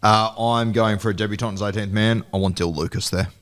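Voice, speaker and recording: Deep-voiced, opinionated Australian man. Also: fairly even intonation, a little fast, a bit bright, clear, resonant tone. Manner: earnest, opinionated. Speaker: podcast co-host. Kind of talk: casual sports chat.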